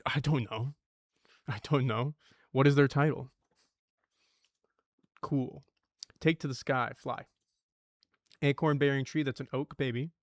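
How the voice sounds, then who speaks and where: A man's voice: mid-range voice, steady tone, a little slow, long pauses, no room sound, studio quality. A young man streaming himself solving word puzzles, thinking aloud, swearing and muttering clues to himself.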